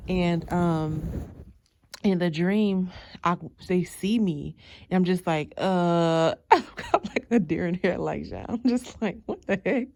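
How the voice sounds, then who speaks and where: Animated woman telling a dream story, dry sound. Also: on the low side, takes it slowly, vocal fry, no room sound. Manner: animated, acts out her own lines, laughs often. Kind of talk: casual storytelling.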